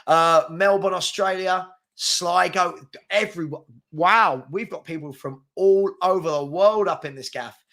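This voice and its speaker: A young man with a London accent hosting a live football chat, chatty and quick, reading out viewers' comments and places. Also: high voice, bright, forceful tone. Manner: fast-talking, chatty, reads out names and places.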